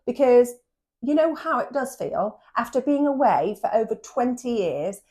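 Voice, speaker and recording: A middle-aged English woman from England, chatting excitedly and fast as a podcast co-host. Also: on the high side. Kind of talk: casual chat.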